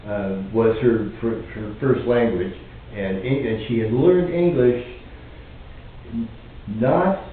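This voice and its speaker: A man tells a personal story to his camera in a halting, unhurried way, stopping often to restart his sentences. His voice comes through thin and phone-like, heard from across a very echoey room with a faint hiss beneath it. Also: mid-range voice, recorded from a distance. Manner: halting, many fillers and restarts.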